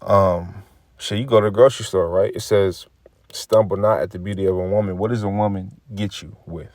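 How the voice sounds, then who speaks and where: A man's voice: sits low, steady tone, brisk, darkish tone, dry recording. A man giving casual, profane religious commentary, reading scripture lines and acting out quoted remarks. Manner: preachy, profane, repeats phrases, acts out quoted remarks.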